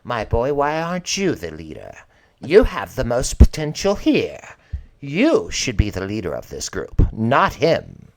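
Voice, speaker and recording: A man voicing a short older noblewoman who flatters and schemes, speaking in a grand, formal, coaxing way. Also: mid-range voice, a little slow.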